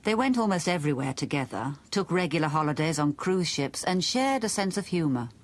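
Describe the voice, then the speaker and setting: A woman giving scripted documentary narration in a measured, even delivery. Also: low-pitched.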